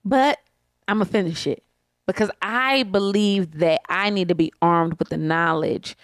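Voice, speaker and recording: A woman's voice: medium pitch, steady tone, unhurried, no echo, clean studio sound. A woman co-hosting a podcast from her couch at home, talking bluntly and swearing freely as she rants. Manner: blunt, profane, emphatic ranting. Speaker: podcast co-host. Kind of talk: casual chat. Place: living room couch at home.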